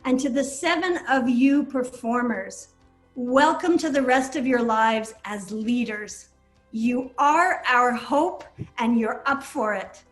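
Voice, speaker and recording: A woman's voice: on the high side, takes it slowly, a bit bright, soft background music. A woman facilitator giving an earnest, grateful closing thank-you speech to a live audience. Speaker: program facilitator. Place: stage at a live community performance.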